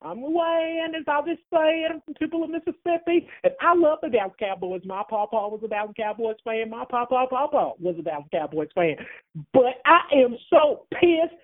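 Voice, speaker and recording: A woman's voice: high voice, lively intonation, normal speed. A woman voicing a furious, brash Southern woman from Mississippi who cusses in folksy sayings, with a Southern accent. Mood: angry. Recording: phone line.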